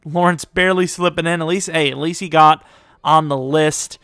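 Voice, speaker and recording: A man's voice: a little high, steady tone, fairly bright tone, no echo, studio quality. A young man giving casual, joking commentary while playing a football management game. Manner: chatty, joking, quick reactions. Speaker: gaming commentator.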